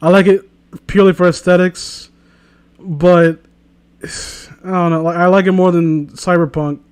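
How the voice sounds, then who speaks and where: A man's voice: sits high, little pitch movement, measured pace, clear, resonant tone. A man hosting a comedic reading, casual and crude, with sarcastic, mocking asides. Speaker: host reading fan fiction aloud.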